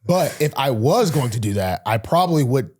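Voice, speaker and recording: A man's voice: medium pitch, normal speed, husky. A man in his twenties, a football player guest, telling a story in casual chat and acting out the lines of the people in it. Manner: animated, acts out quoted dialogue, many fillers.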